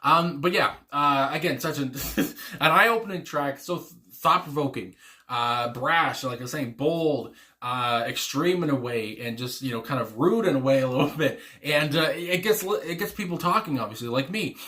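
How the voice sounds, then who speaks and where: Rambling man with a bright voice. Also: on the high side, normal speed. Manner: rambling, many fillers and restarts, chuckles often. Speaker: music reaction channel host. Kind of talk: casual spoken reaction commentary.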